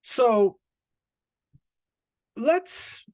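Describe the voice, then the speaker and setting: A man hosting a podcast, talking in a rambling, profane, joking monologue that jumps up high when he plays indignant. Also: animated, extremely slow, darkish tone. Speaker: podcast host. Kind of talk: casual comic podcast monologue.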